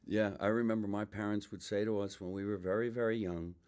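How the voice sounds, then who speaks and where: A man's voice: on the low side, fairly even intonation, quick pace, a little mellow, smooth. A man hosting a casual talk show, chatty and reminiscing. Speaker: host. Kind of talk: casual chat.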